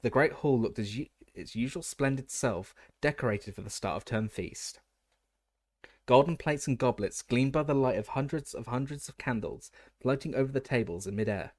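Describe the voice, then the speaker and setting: A man's voice: medium pitch, moderate pace, darkish tone, no room sound, clean studio sound. A man reading a fantasy novel aloud as an audiobook narrator, often stumbling and restarting words.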